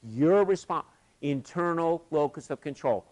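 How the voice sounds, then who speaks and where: A man leading a live workshop session, telling stories with lively energy and acting out both sides of conversations. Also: a little high, brisk. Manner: animated, acts out both sides of dialogues. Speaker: workshop facilitator.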